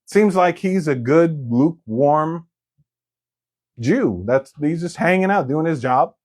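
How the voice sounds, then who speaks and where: A man's voice: a little high, expressive, slow, a little mellow. A man preaching a sermon in a conversational, joking way, acting out quoted voices.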